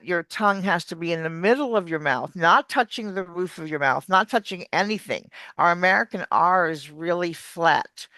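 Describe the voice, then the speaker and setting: An accent coach giving explanatory interview answers like an animated teacher, demonstrating words. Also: medium pitch, dry recording.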